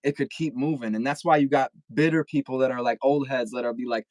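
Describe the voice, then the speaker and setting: A young man rambles through a casual podcast chat over a video call, filling every thought with "like" and swearing freely. His voice sits at an ordinary pitch. The sound is dry and close, with no room around it. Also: fast talker, few pauses, a little mellow, no room sound, poor audio. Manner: rambling, profane, lots of filler "like". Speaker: guest rapper.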